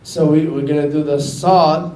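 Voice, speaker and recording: A man's voice: on the high side, level tone, moderate pace, dark tone. A man with a Northeastern US accent teaching Arabic letters in a classroom, calling out letter names for students to repeat. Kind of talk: classroom lesson, slow and repetitive. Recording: echoey room picked up from a distance.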